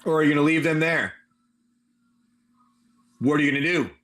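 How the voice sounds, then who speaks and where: A man with a high-pitched voice hosts a stream and runs a tabletop game. His narration is animated and excitable. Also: moderate pace. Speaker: live stream host and game master.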